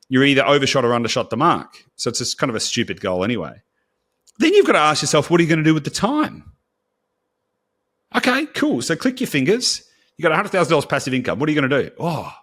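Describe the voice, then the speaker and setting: A man co-hosting a podcast in a casual, blunt, animated way, swearing freely. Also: mid-range voice, slightly rough. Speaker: podcast co-host.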